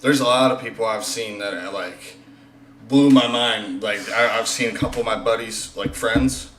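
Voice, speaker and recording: A man's voice: lowish voice, moderate pace, a bit bright, slight background noise. A man in casual chat, talking bluntly and emphatically with plenty of swearing. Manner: blunt, swearing, emphatic about loyalty talk. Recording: echoey room.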